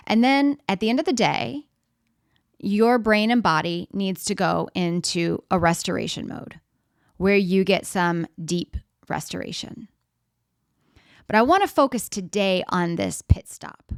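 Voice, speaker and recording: Middle-aged lady doing a motivational talk, chatty, acts stuff out, asks the crowd questions, smooth clear voice. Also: mid-range voice, no echo, clean studio sound. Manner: conversational, plays out scenes, asks the audience questions. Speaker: speaker.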